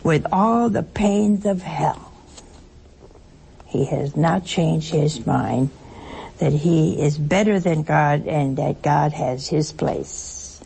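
Woman preacher with a slow, homely, storytelling delivery and a gravelly edge. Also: sits low, warm tone, rough recording. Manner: chatty, anecdotal, chuckling asides. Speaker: religious speaker. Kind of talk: televised spiritual talk to listeners.

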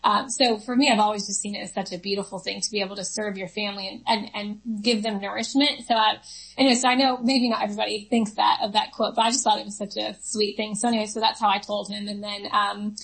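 A woman's voice: mid-range voice, steady tone, quick pace, gravelly, fairly bright tone, low-quality recording. A woman telling a personal story as a guest in a conversation, chatty, laughing often and full of fillers. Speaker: interview guest.

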